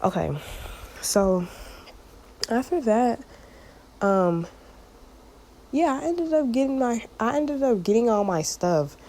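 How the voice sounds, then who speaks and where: A woman's voice: fairly high pitch, big pitch swings, takes it slowly, pauses often, dark tone, a little hiss or hum, poor audio. A woman chatting casually to her viewers about a spiritual message, rambling and searching for words, with lots of fillers and calling them y'all. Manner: addresses listeners as y'all. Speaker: channel host giving a prophetic word. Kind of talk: casual spiritual vlog talk.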